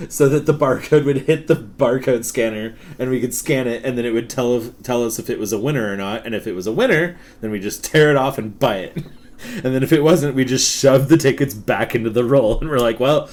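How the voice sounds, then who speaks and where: A man's voice: medium pitch, normal speed. A man in his thirties, co-hosting a podcast, telling work stories in a casual, profane, laughing way. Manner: profane, laughing, animated storytelling. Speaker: podcast co-host. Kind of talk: casual storytelling chat.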